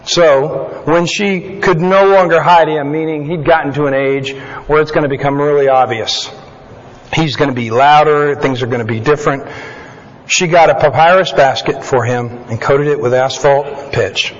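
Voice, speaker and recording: A man's voice: a little high, fairly even intonation, normal speed. A man leading a Bible study in a chatty, conversational way, full of joking asides and digressions. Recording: dull lo-fi sound with long hall reverb.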